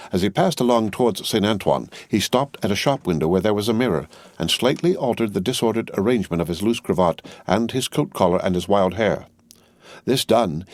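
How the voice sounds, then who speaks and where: A man narrating a classic novel in a measured, even reading. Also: on the low side, no echo. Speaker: audiobook narrator. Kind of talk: scripted narration.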